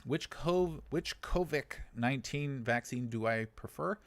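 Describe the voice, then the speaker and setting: An American man in his thirties hosts a casual livestream from China, speaking unhurriedly in a mid-range voice with no echo. He reads viewer comments aloud, mixing in chuckles and dry, sarcastic humor.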